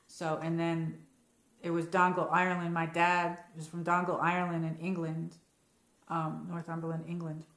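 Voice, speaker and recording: Brief: American woman, live-chat host, casual and meandering, slightly low voice, echoey home room. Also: level tone, moderate pace, fairly bright tone. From United States. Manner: rambling, chatty, reads out viewer comments. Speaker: livestream host.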